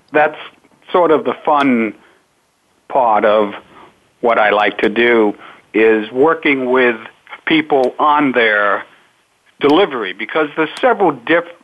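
A man guest explains his craft at a slow, measured pace, pausing often between thoughts. His voice comes through a thin, narrow phone line, like a call patched into a radio show. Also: mid-range voice. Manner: measured, unhurried explanations with many pauses. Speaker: speaking coach, interview guest. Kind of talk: radio interview answers.

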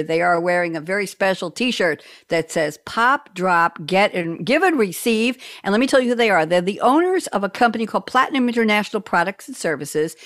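A woman's voice: medium pitch, fairly bright tone, dry recording, studio quality. A woman hosting an online radio interview show, talking in an enthusiastic, effusive way. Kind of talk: casual interview chat.

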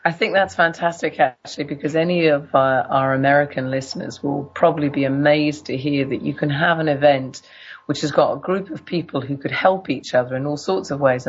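A woman guest, a former news anchor, hoarse after losing her voice, self-mocking and quick to laugh. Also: sits low. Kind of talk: casual interview chat. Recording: dull lo-fi sound.

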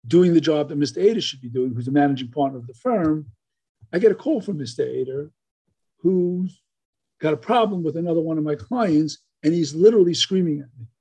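An older man telling a story as a podcast guest, animated and full of fillers and restarts. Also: fairly high pitch, slightly rough.

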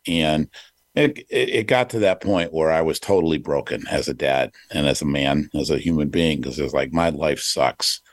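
Middle-aged guy with a super deep voice, earnest and halting, lots of ums, dry close sound. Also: dry recording. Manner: earnest and reflective, halting with fillers and restarts. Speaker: podcast host. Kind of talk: personal storytelling.

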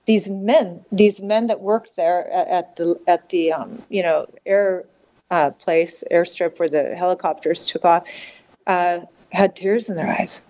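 A middle-aged woman, a podcast guest, recounting a painful personal story with halting restarts and fillers. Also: fairly low pitch, fairly even intonation, dark tone. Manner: halting, with many restarts and fillers, acting out quoted voices.

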